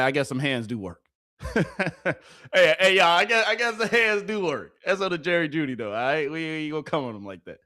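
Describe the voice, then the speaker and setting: A man's voice: medium pitch, fairly bright tone. Hyped man commentating football clips. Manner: hyped, chatty, laughing, slangy. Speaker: sports video host. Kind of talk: casual live commentary over game clips.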